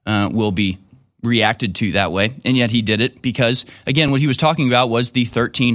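A man's voice: mid-range voice, a bit bright, no room sound, studio quality. Sarcastic man giving commentary. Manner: sarcastic, emphatic. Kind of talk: casual commentary.

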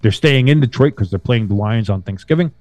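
A man hosting a casual sports podcast, talking loosely and profanely with bursts of animated emphasis. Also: mid-range voice, fairly quick, no room sound. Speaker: podcast host.

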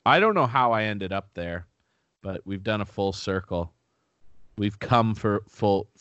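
A man's voice: on the low side, animated, measured pace, fairly bright tone, smooth, dry recording, dull audio. A young man co-hosting a casual podcast, rambling, swearing freely and poking fun at himself. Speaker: podcast co-host.

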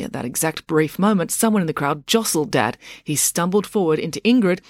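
A woman reading a children's story aloud in a lively, playful narration. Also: on the low side, no echo, studio quality. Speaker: audiobook narrator. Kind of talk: scripted narration.

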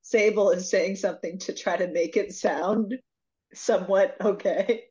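A woman co-hosting a casual book club podcast, retelling the plot with lively acted-out quotes. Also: measured pace, highs cut off. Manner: animated retelling, acts out quotes in high voices. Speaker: podcast co-host.

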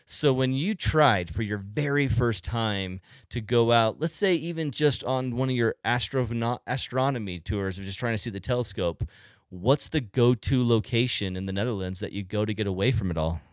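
Animated man hosting a podcast. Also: medium pitch, moderate pace, no room sound, clean studio sound. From United States. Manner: animated storytelling, laughs often. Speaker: podcast host. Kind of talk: casual interview chat.

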